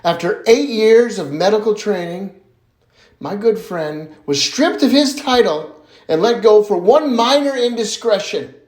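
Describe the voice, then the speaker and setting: A man telling dirty jokes in a casual style, animated and chuckling as he goes. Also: high voice, measured pace. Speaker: joke teller.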